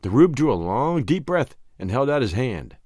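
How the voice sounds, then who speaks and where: A man narrates a first-person novel as an audiobook, telling the story expressively with wide pitch swings. His voice is husky and moderately paced, recorded in clean studio sound with no echo.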